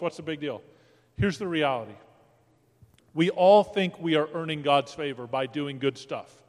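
A man preaching a sermon as pastor, emphatic and rising, often calling out to the congregation. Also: a little high. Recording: long hall reverb.

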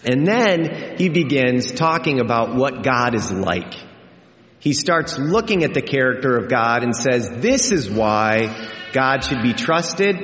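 A man preaches a sermon, earnest and emphatic, repeating his key lines for weight. He speaks at a slow, deliberate pace. His voice rings through a roomy sanctuary with a long, trailing reverb. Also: mid-range voice, animated, fairly bright tone. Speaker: pastor. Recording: echoey hall with long reverb.

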